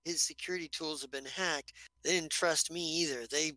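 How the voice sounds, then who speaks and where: A man voicing a wary male outlaw hiding out, who talks in halting, rambling bursts and swears freely. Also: a little high, fairly even intonation, bright, forceful tone, dry recording. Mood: guarded.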